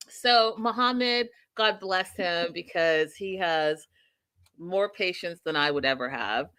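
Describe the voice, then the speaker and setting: A woman's voice: mid-range voice, animated, slow pace, pushed and bright. A woman hosting a casual reality TV recap chat, talking with animation, acting out quotes and laughing often. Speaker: host.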